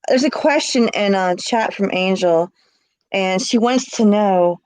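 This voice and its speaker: Female host, mid-pitch, calm and brief with slight hesitation; dry audio. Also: measured pace, smooth, no echo. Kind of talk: live-stream interview.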